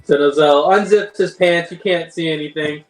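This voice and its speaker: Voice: medium pitch, moderate pace, distant mic. Casual game master narrating, roomy sound. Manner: loose, many fillers.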